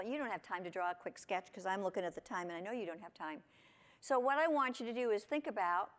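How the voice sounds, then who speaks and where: A woman giving a lively conference talk to teachers, asking her audience lots of questions. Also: medium pitch. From United States. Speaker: conference presenter. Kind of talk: lecture to teachers. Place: conference hall.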